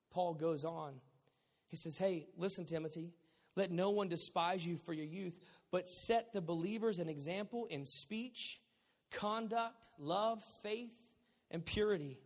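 A man in his thirties preaching a sermon as a pastor, animated and joking, with sudden loud bursts. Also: on the high side. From Southern California. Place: church sanctuary. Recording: long hall reverb.

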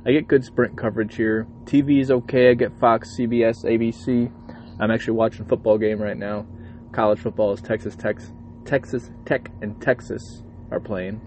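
A man's voice: on the low side, steady tone, moderate pace, darkish tone, slight background noise. A man, a truck driver, talking casually from his parked truck cab at a truck stop and ranting profanely with lots of energy. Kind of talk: casual vlog monologue.

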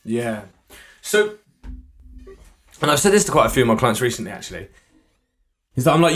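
A man co-hosting a podcast as a fitness coach, explaining with examples in a playful, animated way. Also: mid-range voice, normal speed, long pauses. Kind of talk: casual podcast chat.

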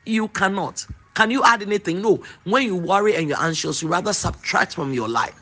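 A man's voice: fairly high pitch, lively intonation, normal speed, hardly any pauses, bright, forceful tone. A man preaching a sermon, emphatic and repetitive, drawing out declarations.

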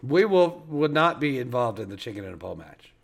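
A man co-hosting a podcast swears freely and laughs his way through loud, casual banter. His voice is medium-pitched, very animated, a little fast, and creaky.

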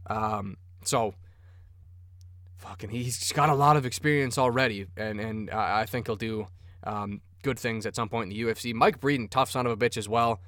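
A man from Minnesota hosts a sports podcast, rambling casually, cursing freely, and sounding enthusiastic. His voice is on the low side with a steady, fairly bright tone, delivered at normal speed. The recording is studio quality with no room sound.

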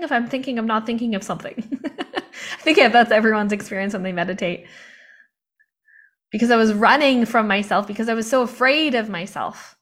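A woman's voice: a little high, a little fast, fairly bright tone. A young woman in live online training mode, impassioned and confiding, talking into a video call mic and laughing often between points. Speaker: motivational coach.

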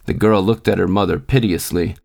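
A man narrating a classic short story for a podcast in a steady, measured reading. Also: deep voice, vocal fry. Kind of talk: scripted narration.

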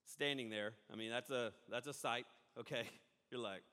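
Rambling, bright-voiced pastor preaching. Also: male voice, medium pitch, moderate pace. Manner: rambling, animated, self-interrupting. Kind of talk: live-streamed sermon. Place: church hall. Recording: echoey hall reverb.

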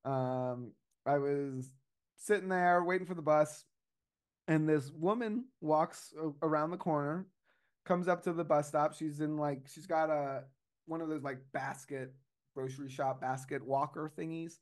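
A man with a slightly high voice chats casually on a podcast. He tells his story in a loose, rambling way, stopping and restarting often and padding it with "um" and "like.". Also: steady tone, unhurried.

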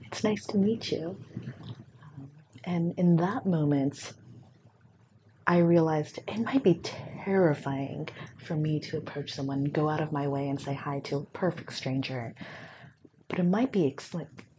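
A young woman tells a personal story in a soft, reflective way, pausing often and filling gaps with small hesitations. Her voice sits low and sounds warm and relaxed. A faint hiss runs underneath. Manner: soft-spoken, reflective, with many fillers. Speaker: guest.

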